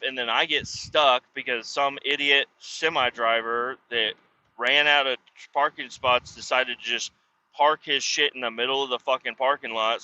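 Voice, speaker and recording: A man hosting a podcast, telling a story in a profane, exasperated rant and shouting out the lines he re-enacts. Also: mid-range voice, muffled recording. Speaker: podcast host.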